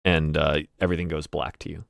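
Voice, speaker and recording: A man acting as game master, narrating a tabletop game over a voice call in a relaxed, casual way. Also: fairly low pitch, moderate pace, no echo, studio quality.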